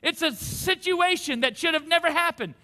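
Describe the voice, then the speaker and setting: A man's voice: very high-pitched, moderate pace, bright, forceful tone. A man in his forties preaching a fervent sermon to a church congregation, calling on the audience to repeat after him. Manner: fervent preaching with call-and-response. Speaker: pastor. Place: church service.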